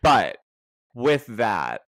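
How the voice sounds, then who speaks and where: A man's voice: fairly low pitch, huge pitch swings, very slow, a bit bright, no echo. A man chatting as a podcast guest, sounding worn out and exhausted, talking in a gossipy, easygoing way. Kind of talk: casual chat.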